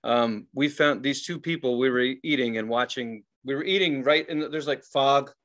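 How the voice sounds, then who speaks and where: A man co-hosting a podcast, telling a story in a casual, profane and animated way and acting out the people in it. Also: medium pitch, normal speed. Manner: profane, animated, acts out quoted voices. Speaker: podcast co-host.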